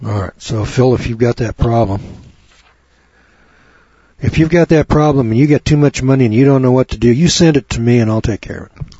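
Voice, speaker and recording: A man's voice: medium pitch, a little fast, mellow, husky, dry recording. A man giving a chatty, folksy Bible teaching program from his home studio, talking to listeners by name. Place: home studio on a rural property. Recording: dull lo-fi dry recording.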